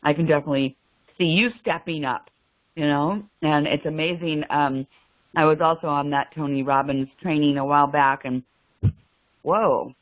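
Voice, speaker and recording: A woman on a group video call, speaking earnestly with frequent laughs and halting restarts. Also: deep voice, steady tone, no room sound. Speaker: call participant. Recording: slightly muffled call audio.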